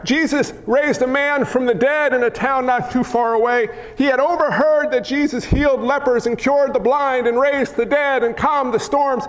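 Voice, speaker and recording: Guy preaching really high voiced, dramatic retelling, echoey hall. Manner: dramatic storytelling, repeated lists, rhetorical questions, drops to a whisper. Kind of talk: sermon. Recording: long hall reverb.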